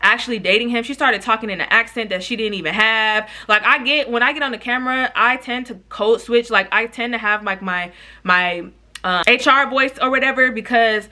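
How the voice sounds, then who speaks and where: Bright, animated young woman telling a story. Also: a little high, brisk. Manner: animated, frank, slangy, swears freely, talks straight to viewers. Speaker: YouTuber. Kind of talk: casual storytime vlog.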